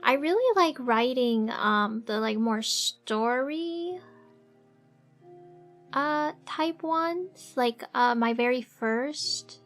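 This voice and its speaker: A woman streamer chatting casually with viewers while she draws, soft-spoken and halting, with many fillers and little giggles. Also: high voice, animated, faint music behind. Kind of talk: casual live-stream chat. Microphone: desk microphone.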